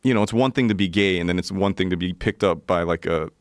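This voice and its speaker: Deep-voiced guy in his 40s telling a crude story, swears a lot, dry close sound. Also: quick pace, dry recording. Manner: profane, vivid storytelling. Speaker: podcast guest. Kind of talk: casual storytelling.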